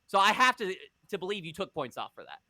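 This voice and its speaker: A man's voice: high voice, very animated, pushed and bright, no echo, studio quality. A man hosting a casual podcast, narrating backstage scenes and arguing over scores with a laugh and the odd swear. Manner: quick, defensive, laughing, swears. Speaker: podcast host, storyteller of a fantasy wrestling league.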